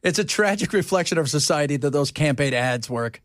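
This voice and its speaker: Talk radio host guy, high animated voice, jokey and sarcastic, dry studio mic. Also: a little fast, no room sound. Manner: lively, joking, sarcastic. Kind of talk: casual radio banter.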